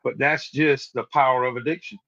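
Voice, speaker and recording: A man's voice: medium pitch, fairly even intonation, a little fast, vocal fry, fairly bright tone, dull audio. A man in his forties telling his recovery testimony as a guest, earnest and repeating words as he restarts his sentences. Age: 40s. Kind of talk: personal testimony storytelling. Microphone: remote live-stream call.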